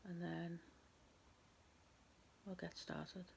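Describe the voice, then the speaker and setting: A woman chats her way through a tarot reading, rambling and laughing at herself. Her low voice is gravelly with fry and stays fairly flat in pitch, and a faint hiss sits under the recording. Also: drawn-out words. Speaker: tarot reader. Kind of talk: casual tarot reading to camera.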